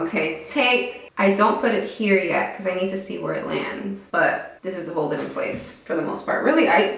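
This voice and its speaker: A woman's voice: on the low side, gravelly, distant mic. Chatty young woman in an echoey room. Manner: animated, slangy, self-mocking asides. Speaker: vlogger. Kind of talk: casual storytime chat while getting ready. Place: room at home.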